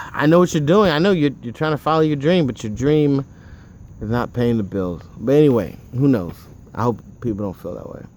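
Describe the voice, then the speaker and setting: Man, mid-pitch, casual monologue host; rambling, digressive storyteller who wanders off on tangents and swears now and then. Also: expressive, normal speed, darkish tone, slight background noise. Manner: rambling and digressive, with frequent asides; offhand, with occasional swearing.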